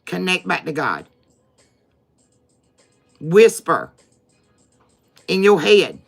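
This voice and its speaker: A woman's voice: on the low side, sing-song, drawn-out words, creaky, slightly rough, faint music behind. A woman closing a tarot livestream in an emphatic, repetitive, preacher-like way. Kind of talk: spiritual livestream sign-off.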